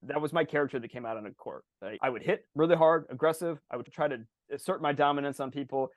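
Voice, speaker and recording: A man co-hosting a podcast in casual chat, animated, swearing freely and acting out other people's voices. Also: fairly high pitch, fast, no echo, lo-fi sound. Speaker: podcast co-host.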